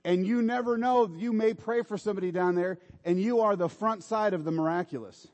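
A man's voice: high-pitched, a little fast, darkish tone, long reverb tail. A man preaching a sermon in an informal, exhorting way, urging his listeners on. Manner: informal, exhorting, repeats "come on".

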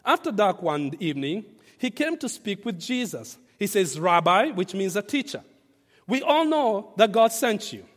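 A male preacher with a high-pitched voice delivers a sermon in a hall with a long echo. He stresses key phrases through repetition and shifts between loud and soft. He invites the congregation to join in reading. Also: big pitch swings, moderate pace. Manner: emphatic, repeats phrases, varies loudness for stress; asks the congregation to read along. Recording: reverberant hall.

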